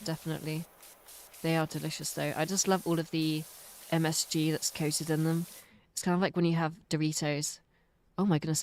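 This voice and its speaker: A British woman streaming a game, chatting casually in rambling, self-mocking tangents. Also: deep voice. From United Kingdom. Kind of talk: casual chat while playing a game.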